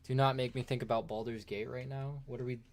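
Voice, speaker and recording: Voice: mid-range voice, little pitch movement, quick pace. A livestream host chatting casually with chat while unboxing a toy, rambling and laughing often.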